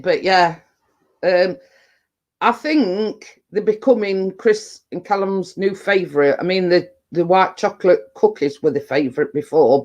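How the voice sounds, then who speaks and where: A woman's voice: medium pitch, a little mellow. A middle-aged woman, chatting casually on her vlog in a rambling storytelling way, full of fillers and restarts. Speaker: vlogger. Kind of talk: casual chat.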